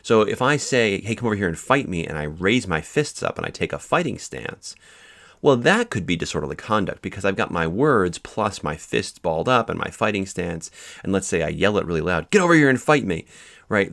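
Low gravelly man lecturing on law. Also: a bit bright. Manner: explanatory, with many fillers and restarts. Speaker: law instructor. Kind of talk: recorded lecture.

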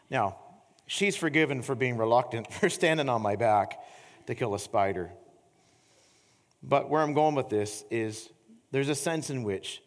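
A middle-aged man preaching as a pastor, telling stories with animated energy and slowing into soft, earnest appeals. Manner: animated storytelling, voice climbing high in anecdotes; slows and softens into earnest appeal. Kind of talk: sermon. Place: church sanctuary. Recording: long church reverb.

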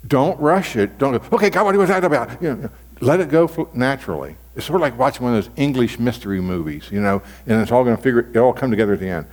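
A man's voice: medium pitch, animated, fast, a little mellow. A man teaching as a pastor in a conversational sermon style, often restarting and repeating his phrases. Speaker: pastor teaching on devotional reading. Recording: long reverb of a large hall.

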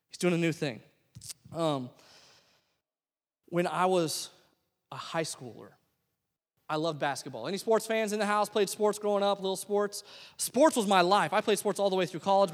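High-voiced young man preaching in a hall. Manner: emphatic preaching, swings between loud exhortation and soft asides. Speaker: pastor. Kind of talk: sermon. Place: church sanctuary.

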